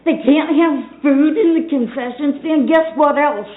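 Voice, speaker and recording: A woman's voice: sits high, unhurried, few pauses. An older woman speaking at a council public comment, emphatic and pressing with rhetorical questions. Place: city council chambers. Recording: tinny, echoey council chamber feed.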